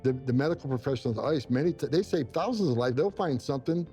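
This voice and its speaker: A man's voice: medium pitch, quick pace, dark tone, soft background music. A middle-aged man from upstate New York, a former immigration enforcement director, giving intense, emotional interview answers and repeating himself when moved.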